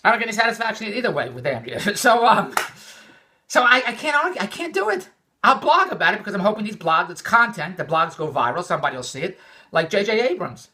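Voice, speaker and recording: An older man from Philadelphia talks fast in a bright, sharp voice, wandering from point to point. His pitch swings widely as he repeats himself in exasperation. It is a loose, unscripted vlog monologue. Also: very animated. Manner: rambling, repetitive, exasperated. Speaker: vlogger. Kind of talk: rambling personal vlog monologue.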